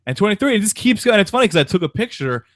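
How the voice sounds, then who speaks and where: Fast, lively young man telling a story. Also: high-pitched, dry recording. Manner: animated anecdote-telling, acts out quoted voices. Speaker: podcast co-host. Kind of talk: casual chat, storytelling.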